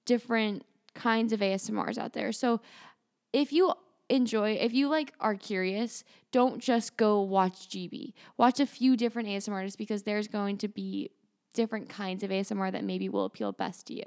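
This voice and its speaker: A woman's voice: mid-range voice, animated, normal speed, darkish tone. A woman co-hosting a podcast in casual chat, rambling and full of filler words. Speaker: podcast co-host.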